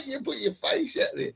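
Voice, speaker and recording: A man's voice: fairly high pitch, noisy background. A man hosting a call-in livestream, sarcastic and profane in mock-serious banter. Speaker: livestream host. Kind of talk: casual call-in stream banter.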